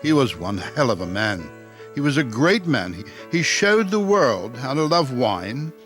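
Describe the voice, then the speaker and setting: A man voicing a refined English gentleman who narrates a documentary in a put-on English accent, with a polished, stately delivery. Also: medium pitch, sing-song, unhurried, soft background music. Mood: genial.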